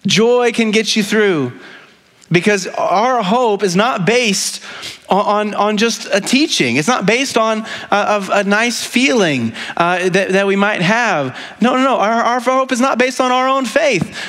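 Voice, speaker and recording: Pastor, man, high voice, chatty earnest sermon delivery with frequent restarts. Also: a little slow, a bit bright. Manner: conversational, frequently asks "right?"; speaks with rising emotion.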